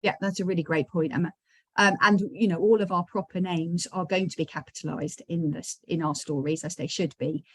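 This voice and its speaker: Lower-voiced woman hosting, chatty and encouraging, dry close sound on a call. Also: steady tone, a little fast, no room sound. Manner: encouraging, chatty, many fillers. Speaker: session host. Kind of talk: hosting an online training session.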